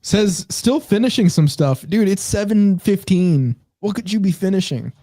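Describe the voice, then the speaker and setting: A man co-hosting a podcast, telling stories in an animated way and often breaking into laughter. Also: high voice, moderate pace, dry recording, studio quality. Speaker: podcast co-host. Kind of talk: casual chat.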